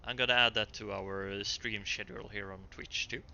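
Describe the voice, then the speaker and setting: A man with a very bright, forceful voice narrates a tabletop role-playing game as game master, in a relaxed, halting way full of fillers. The stream mic sounds dull and lo-fi. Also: lowish voice, creaky.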